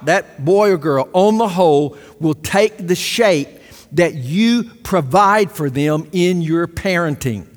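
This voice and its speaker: A man's voice: on the high side, big-room sound. A middle-aged man preaching a sermon, emphatic, repeating key phrases and asking the congregation for agreement. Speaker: pastor.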